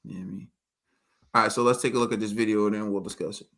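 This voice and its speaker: Male co-host, casual talker, bright tone, repeats points, easygoing commentary. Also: lowish voice, fairly even intonation, very fast. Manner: laid-back, conversational, repeats himself. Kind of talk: casual commentary over video.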